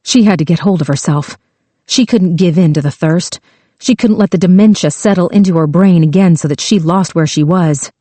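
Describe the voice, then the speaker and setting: A woman narrating a thriller audiobook with a slow, tense delivery. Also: on the low side, warm tone, no echo.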